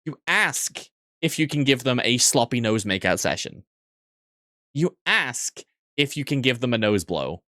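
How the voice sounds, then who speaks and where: Joking streamer chatting w chat, swears a ton, mid-pitched voice, dry room. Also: sing-song, a little slow, a bit bright, dry recording. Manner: crude, joking, swears often; rambling, restarts sentences. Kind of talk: casual livestream chat with viewers.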